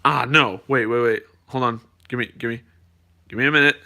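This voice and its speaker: A man's voice: mid-range voice, steady tone, fairly quick, creaky, pushed and bright. A middle-aged man chatting casually to viewers in a playful, rambling way, his voice slightly cracked from a cough. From United States. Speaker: vlogger. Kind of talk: casual chat to camera.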